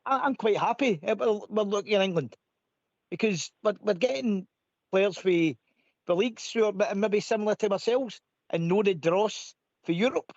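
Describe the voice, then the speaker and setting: Scottish guy on a phone-in show, high voice, stammers and restarts, dry dull sound. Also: normal speed, no echo. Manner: animated, stammers and restarts as he talks. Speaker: co-host of a fan phone-in show. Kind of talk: casual opinionated chat.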